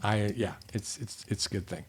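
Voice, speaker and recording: A man's voice: lowish voice, fairly even intonation, moderate pace, slightly rough. A man co-hosting a podcast in casual chat, wry and joking, often breaking into laughter while reading a listener email aloud. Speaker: podcast co-host.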